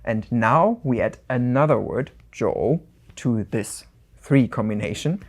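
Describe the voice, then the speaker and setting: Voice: medium pitch, animated, a little slow, darkish tone. A co-host on a language lesson podcast, explaining and repeating phrases in a conversational way.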